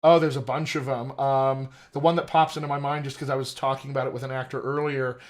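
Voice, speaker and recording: A man working as an accent coach, talking in a casual interview in animated, quick bursts. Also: medium pitch.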